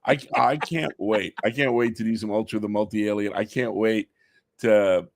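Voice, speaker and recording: A middle-aged man chatting excitedly in an interview, telling stories fast with stammered restarts. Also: lowish voice, dry recording, clean studio sound. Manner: enthusiastic, rapid storytelling with stammered restarts. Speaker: comic book writer guest. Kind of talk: excited podcast interview chat.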